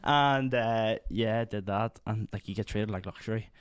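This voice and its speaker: A man's voice: fairly low pitch, moderate pace, clean tone, dry recording. A young man with a Northern Irish accent, a podcast guest telling stories in casual chat, rambling with lots of fillers and acting out what people said. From Northern Ireland. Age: young adult. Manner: rambling storyteller, lots of "like" fillers, acts out quotes.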